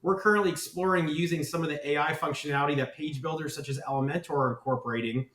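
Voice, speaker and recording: A man's voice: on the high side, fairly even intonation, fast talker, fairly bright tone, roomy sound. A man who founded a marketing agency, speaking as a podcast guest, talking with enthusiasm and rambling, often tagging his points with "right?". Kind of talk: podcast interview.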